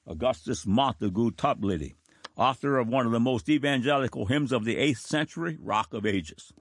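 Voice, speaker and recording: A middle-aged country pastor preaching in a slow, solemn, deliberate voice of ordinary pitch. The sound is close and dry, with no room echo at all. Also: male voice. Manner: slow, deliberate, solemn delivery with drawn-out words. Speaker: pastor of a small country church. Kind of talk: sermon reading of quotations.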